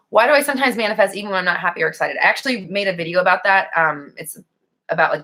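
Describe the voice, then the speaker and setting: A young woman hosting a casual live question-and-answer chat, animated and blunt, swearing freely as she answers viewers. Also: on the low side.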